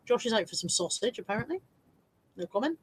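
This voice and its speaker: A woman's voice: on the high side, big pitch swings, fast, breathy edge, poor audio. A woman chatting casually on her regular live stream, laughing often and joking at her own expense.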